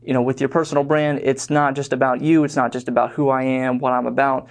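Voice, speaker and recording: A man's voice: mid-range voice, flat delivery, fast talker, creaky. A young man teaching an online course in a loose, conversational way, full of fillers and restarts. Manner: rambling, filler-heavy, conversational. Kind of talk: casual lecture.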